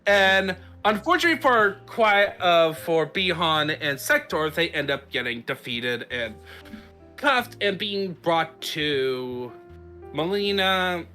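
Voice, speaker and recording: A man's voice: on the high side, big pitch swings, slow pace, sharp tone, soft background music. A man in casual podcast chat, recapping a game story in a rambling way with frequent fillers and restarts. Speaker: podcast host.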